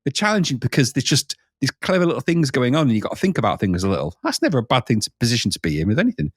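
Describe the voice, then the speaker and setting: A man's voice: mid-range voice, sing-song, rapid-fire, slightly rough, dry recording, clean studio sound. A man co-hosting a retro games talk show in a casual, jokey, rambling way. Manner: jokey, rambling, laughs at himself. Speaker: podcast co-host reviewing retro games. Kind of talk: casual chat.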